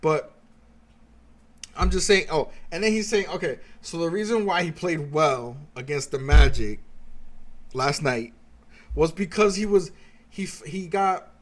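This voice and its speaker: A man's voice: a little high, lively intonation, unhurried, long pauses. A man streaming a heated, sarcastic reaction rant, swearing constantly as he mocks what he watches.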